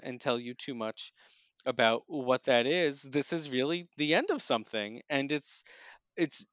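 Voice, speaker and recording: A man reviewing plays and films in a casual chat, thoughtful and often pausing with ums and restarts. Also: on the high side, fairly bright tone, dry recording. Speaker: theater and film critic.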